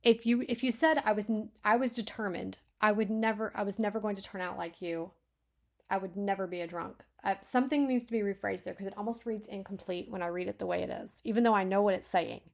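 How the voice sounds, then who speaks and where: Reading quickly in a creaky, medium-pitched voice, a woman works through a manuscript and offers her critique as a beta reader. She muses aloud, frequently revises what she just said, and occasionally slips into a whisper.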